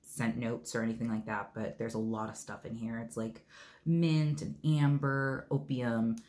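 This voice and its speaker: A man's mid-range, darkish voice holds a level tone and a measured pace as he casually reviews favorite bath products. It's a rambling, easygoing talk, heavy on ums and uhs, with jokes thrown in along the way.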